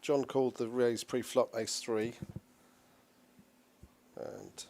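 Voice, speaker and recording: A man giving play-by-play poker commentary in a dry, measured way. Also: mid-range voice, little pitch movement, darkish tone, a little hiss or hum.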